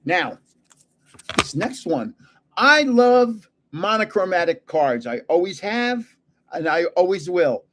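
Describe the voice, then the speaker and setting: An older man talks casually to his livestream viewers, chuckling as he goes. His voice sits a bit high and swings widely in pitch. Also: very animated, slow pace, background noise. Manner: chatty, chuckling, greets viewers. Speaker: card-collecting livestream host. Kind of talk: casual livestream chat while opening cards.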